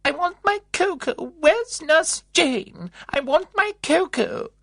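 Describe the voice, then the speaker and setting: A shrill, tiny old woman. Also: animated, slow, exaggerated voice. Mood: demanding. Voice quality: loud and shrill. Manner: insistent, whiny. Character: confused tiny old woman demanding cocoa.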